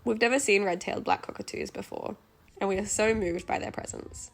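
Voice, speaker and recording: A woman narrating a travel vlog as a scripted voice-over, in a gentle, earnest, diary-like way. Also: mid-range voice, fairly quick, gravelly.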